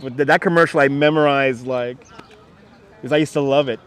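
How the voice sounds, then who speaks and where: A man's voice: medium pitch, steady tone, fairly quick, clear, resonant tone. A man hosting a casual outdoor livestream from a city park, chatting in a rambling way and reading viewer comments aloud. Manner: chatty and rambling, with frequent laughs and restarts. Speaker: livestream host. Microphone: wireless clip-on mic. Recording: faint outdoor background noise. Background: faint city park ambience with birds.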